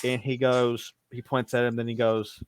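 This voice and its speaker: A man's voice: medium pitch, flat delivery, normal speed, a little hiss or hum. A man narrating as game master of a tabletop game, stumbling and restarting as he laughs through the scene.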